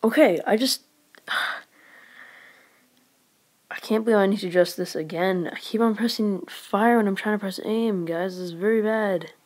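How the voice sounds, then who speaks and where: A woman giving live gameplay commentary as a channel host, excitable and rambling, with frequent exclamations and whispered asides. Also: mid-range voice, normal speed, pauses often.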